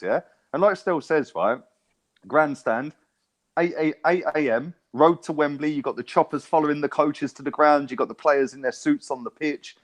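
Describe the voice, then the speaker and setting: A man's voice: fairly high pitch, moderate pace. A man from England, ranting about football in casual podcast chat. He swears a lot and keeps checking with "right?". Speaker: podcast co-host.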